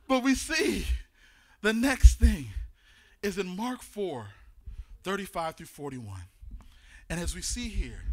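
Male preacher, high and bright, very lively delivery, shouts and chants, casual slang. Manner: animated, builds to shouting, chanting cadence. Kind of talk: sermon.

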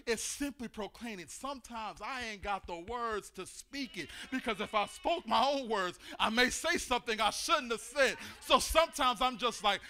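A male preacher delivers a sermon in church with a strikingly high, bright, sharp voice. He builds to shouted exhortation, then drops to a hushed reading of scripture.

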